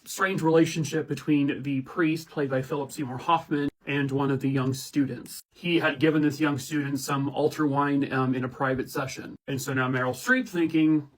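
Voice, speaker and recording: A man's voice: mid-range voice, steady tone, normal speed, few pauses. A man hosting a casual movie and TV review chat, talking in an enthusiastic, conversational way. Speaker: host.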